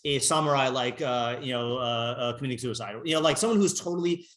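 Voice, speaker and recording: Here a man with a mid-range, slightly bright voice teaches a casual text class. He reads out Hebrew passages and translates them, rambling and hesitating with plenty of fillers.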